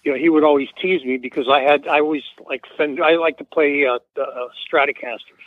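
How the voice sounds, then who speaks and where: A man's voice: a little high, fairly even intonation, fast talker, no room sound. Older man rambling over a tinny phone. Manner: loose storyteller, many fillers and restarts. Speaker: guest. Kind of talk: rambling anecdote on a radio call-in. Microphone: phone call. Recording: tinny phone line on radio.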